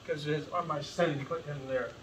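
A man's voice: fairly high pitch, fairly even intonation, moderate pace, recorded from a distance, slight background noise, poor audio. A man preaching an earnest, impassioned sermon as pastor, calling his listeners folks. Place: church sanctuary.

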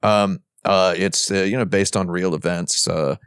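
A man's voice: low voice, steady tone, a little slow, fairly bright tone, smooth, dry recording, studio quality. A man chatting casually on a podcast, rambling enthusiastically with plenty of fillers, restarts and self-deprecating jokes. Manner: jokey, self-deprecating asides. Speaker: podcast panelist. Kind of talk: casual chat.

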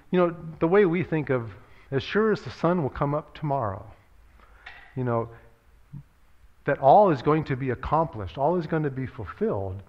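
A man's voice: a little high, dull audio. A man preaching a sermon as pastor, earnest and conversational, often repeating words and using fillers as he works through a point.

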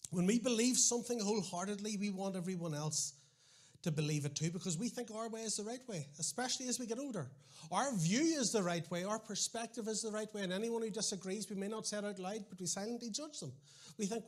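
A middle-aged man with a Northern Irish accent, preaching a sermon with animated storytelling, wry asides and frequent restarts. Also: high voice. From Northern Ireland.

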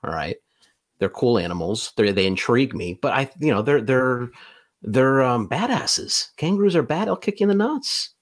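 A man's voice: medium pitch, expressive, moderate pace. A man in his forties, a voice actor guest, talking in a laid-back, blunt, joking way. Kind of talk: casual interview chat.

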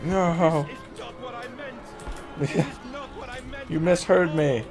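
A man streaming a horror game, shouting profane jokes at the characters and reacting with loud excitement. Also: mid-range voice, moderate pace, creaky. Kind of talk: live gameplay commentary. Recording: game music underneath. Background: horror game music and sounds.

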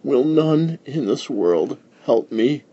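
A man reading a storybook aloud, voicing a meek, gentle young stepdaughter who speaks softly and politely. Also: mid-range voice, expressive, slow pace, husky, lo-fi sound, pitched above the performer's own voice. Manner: soft, polite, pleading.

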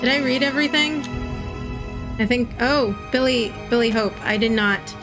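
A woman's voice: fairly high pitch, moderate pace, over music. A woman commenting on a horror game as she plays, yelping and talking herself through the scares. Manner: jumpy, yelps and talks herself through scares. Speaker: gaming streamer.

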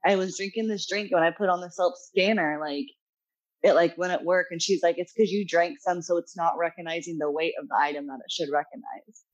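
A woman's voice: fairly low pitch, steady tone, fairly quick, lo-fi sound. A young adult woman, a pastry chef guest, chatting casually and laughing easily while she tells family stories. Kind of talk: casual chat.

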